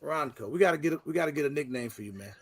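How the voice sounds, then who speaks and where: A man's voice: fairly high pitch, animated, rapid-fire. A man hosting a casual livestream chat, laid-back and joking, full of slang. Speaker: podcast host.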